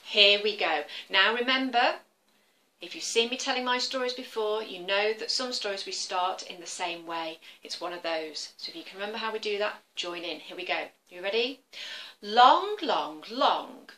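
Bright animated woman telling kids' stories. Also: medium pitch, rough recording. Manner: animated and encouraging. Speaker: children's storyteller. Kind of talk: interactive storytelling for children.

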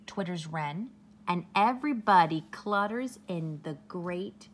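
Slow gentle woman reading a picture book. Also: lowish voice, expressive, a little hiss or hum. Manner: gentle, drawn-out read-aloud with soft whispers. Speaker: storytime reader.

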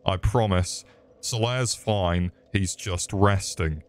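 A man's voice: low voice, slow. A young man streaming a game, with crude jokes and chatter aimed at his chat. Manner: crude joking banter with chat. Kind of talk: casual gameplay commentary. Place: home room. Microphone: desk microphone.

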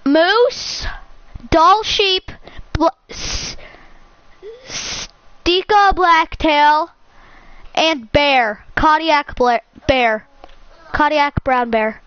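High-voiced chatty female gamer. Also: very slow, long pauses, no room sound. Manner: chatty, excitable, repeats words. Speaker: gaming channel host. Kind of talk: casual gaming commentary. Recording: muffled lo-fi sound.

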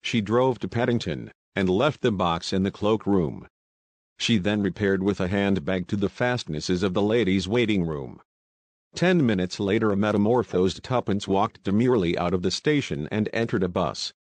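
A man reading an audiobook in a steady, even scripted narration. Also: on the low side, moderate pace, no room sound.

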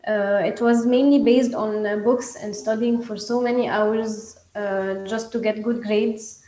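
A woman giving a startup pitch presentation, hesitant, with many fillers and restarts. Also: steady tone, measured pace, mellow, roomy sound, poor audio.

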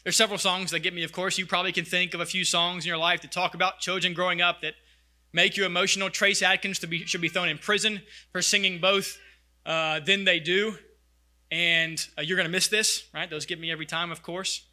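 A man's voice: high voice, steady tone, a little fast, sharp tone. A man preaching a sermon as pastor, earnest and reflective.

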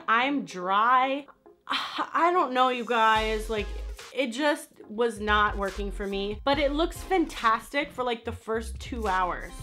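A woman talking to camera as a beauty vlogger, giving a blunt, animated product review and swearing when annoyed. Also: fairly high pitch.

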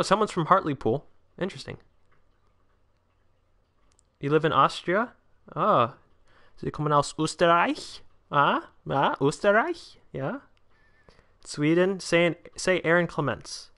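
A nineteen-year-old man hosting a casual livestream, chatting with viewers and reading their comments aloud. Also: a little high. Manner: chatty, answers chat, bursts out excitedly at big chances. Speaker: livestream host.

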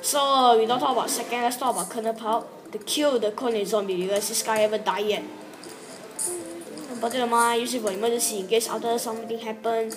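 A woman with a fairly high voice talks through her gameplay in a loose, rambling way. Her English is broken, and she often talks to herself mid-play. Lively game music runs behind her. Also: brisk. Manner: rambling, broken English, chatty with self-talk. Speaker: gameplay commentator. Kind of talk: casual game commentary.

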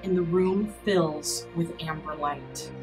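A woman narrating a tabletop horror game as game master, descriptive and halting, with frequent restarts. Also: fairly low pitch, over music, poor audio.

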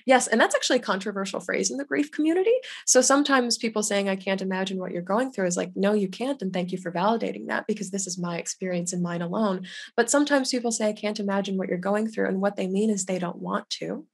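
A young adult woman hosting a webinar on loss, speaking gently and with validation as she reads out chat comments over a video call. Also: medium pitch, quick pace, gravelly, breathy edge. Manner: gentle and validating, quotes others' words aloud. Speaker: grief educator hosting a webinar.

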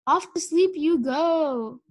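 A woman's voice: sits high, expressive, normal speed, fairly bright tone. A woman voicing a small male cowboy burglar who talks in a drawling, folksy way, in a children's storybook reading. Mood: soothing.

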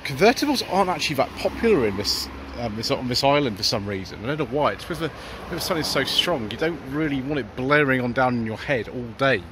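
A man's voice: medium pitch, animated, fast talker, hardly any pauses. A British man hosting a car channel, chatting enthusiastically to viewers as he walks along the street spotting cars. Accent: British English. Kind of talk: walking car-spotting vlog. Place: outdoors on town streets. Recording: outdoor street noise.

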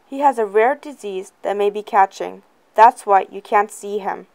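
A woman's voice: medium pitch, moderate pace, creaky, a little mellow, dry recording, lightly acted. A woman voicing a worried, firm mother of young children, giving short and tense replies.

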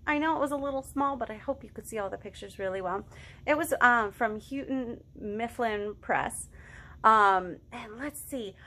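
A woman in her thirties leading a children's storytime, reading picture books aloud, singing farm songs and making animal sounds in an animated, sing-song way. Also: a little high.

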